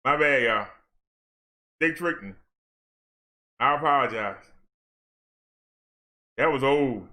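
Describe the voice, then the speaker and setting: A man, a minister on a livestream, giving blunt casual commentary over clips he plays and apologizing quickly to viewers. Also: medium pitch, pushed and bright.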